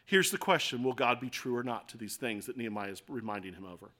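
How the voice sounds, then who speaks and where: A man preaching a sermon as pastor, moving from quiet, earnest passages to loud, passionate declarations and acting out quoted voices. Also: medium pitch, quick pace. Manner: acts out quoted voices with rhetorical questions.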